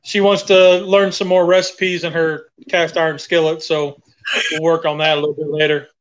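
A man's voice: a little high, little pitch movement, moderate pace, dull audio. A middle-aged man from the Carolinas with a Southern accent, chatting easily and encouraging his daughter while cooking on a livestream. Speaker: host, father cooking with daughters. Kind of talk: casual livestream chat.

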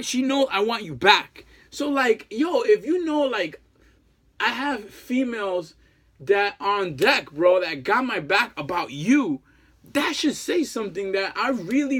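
A jilted ex-boyfriend in his thirties, his voice noticeably high and fairly bright, pleads straight to the camera in a long, rambling monologue. He keeps circling back, full of fillers and casual, profane slang.

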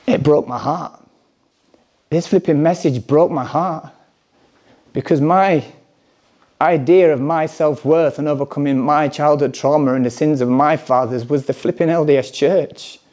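A man's voice: on the high side, measured pace, darkish tone. A man speaking candidly at a conference, telling a personal story and reading scripture with emphasis. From England. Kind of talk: personal testimony talk.

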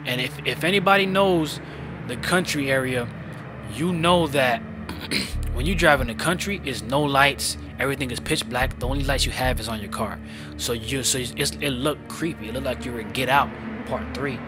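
A young man hosting a casual storytime, talking in slangy, animated bursts that jump loud when excited. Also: mid-range voice, moderate pace. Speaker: storytime channel host. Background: background music.

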